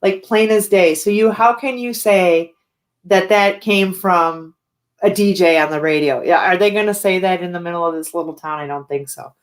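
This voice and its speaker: A woman's voice: fairly low pitch, moderate pace. A woman who owns a haunted house, telling her ghost-hunting stories in a casual chat with lots of fillers and restarts. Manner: chatty, many fillers and restarts. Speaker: haunted house owner and paranormal investigator. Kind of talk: casual storytelling interview.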